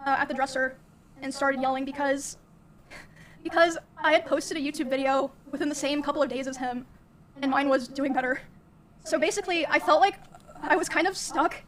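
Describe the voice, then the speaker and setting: A young woman streamer recounting a personal story in a soft, halting way, with many fillers. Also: high-pitched.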